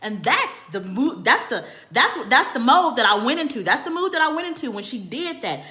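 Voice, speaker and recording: Bright-voiced woman telling a blunt story. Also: high voice, brisk. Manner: animated, profane, repeats phrases for emphasis. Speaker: storytelling vlogger. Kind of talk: candid profane storytelling.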